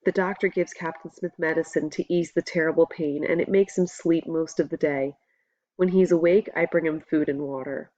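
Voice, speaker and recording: Woman, audiobook narration, steady measured pace, dull dry recording. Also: low voice, no room sound. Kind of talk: first-person audiobook narration.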